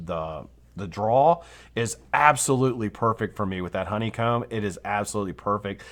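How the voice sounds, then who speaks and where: A man's voice: fairly low pitch, fairly bright tone. A man hosting a live vape review show, talking casually and enthusiastically and swearing freely.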